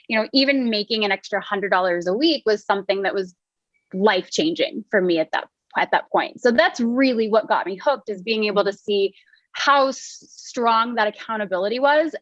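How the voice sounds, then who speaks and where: A woman's voice: medium pitch, fairly bright tone, no echo. Chatty woman with dry, muffled sound. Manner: chatty, laughs often, many fillers. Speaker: wellness coach guest. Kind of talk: casual interview chat.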